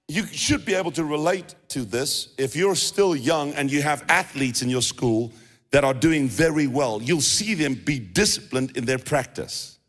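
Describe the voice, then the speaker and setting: Emphatic pastor in reverberant hall. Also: male voice, on the high side, fairly bright tone. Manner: emphatic preaching with repeated phrases. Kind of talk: sermon. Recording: long reverb of a large hall.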